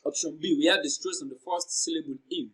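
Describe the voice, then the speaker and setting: Exam tutor, male, fairly high voice, deliberate and methodical, drills words by repeating them slowly. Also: fairly bright tone, low-quality recording. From Nigeria. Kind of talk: lesson on exam questions.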